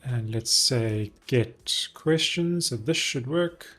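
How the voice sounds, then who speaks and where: Husky man thinking aloud while coding. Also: medium pitch, expressive, slow pace, fairly bright tone, soft background music. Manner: thinking aloud, many ums and self-corrections. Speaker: developer live-streaming a coding session. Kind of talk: casual live-coding walkthrough.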